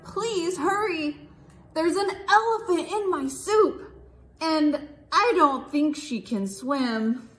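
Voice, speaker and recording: A woman's voice: very high voice, a bit bright, pitched above the performer's own voice, heavily acted. A woman voicing a flustered male restaurant diner who calls out to the waiter in alarm. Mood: frantic. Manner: alarmed, exclaiming pleas.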